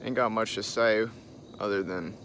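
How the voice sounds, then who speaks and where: A man playing a weary, condemned Salem farmer who speaks to the camera in halting vlog messages, saying "y'all". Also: lowish voice, steady tone, fairly bright tone, slight background noise. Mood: somber. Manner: slow, halting, says "y'all". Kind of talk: amateur vlog-style role-play.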